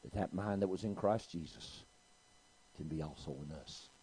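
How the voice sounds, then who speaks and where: A man's voice: deep voice, normal speed, mellow, slightly rough, poor audio. A middle-aged man, preaching a sermon and telling a story, calling out to his congregation. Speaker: pastor.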